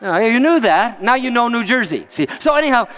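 A man's voice: very high-pitched, a little fast, in a large hall. A man preaching a sermon as a pastor, telling a story with jokes and asides to the congregation. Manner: animated, jokey, chuckles to the crowd.

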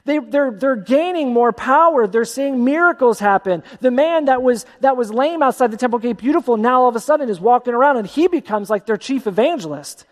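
Pastor, male, high voice, lively sermon delivery with a long hall echo. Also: brisk, hardly any pauses. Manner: animated, acts out voices of story characters.

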